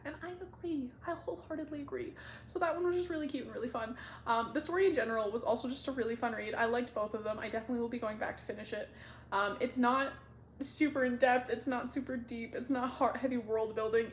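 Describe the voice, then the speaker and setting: A woman's voice: fairly high pitch, brisk, reverberant, slight background noise. A young woman casually gushing about book recommendations in a chatty vlog, full of fillers. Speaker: book vlogger.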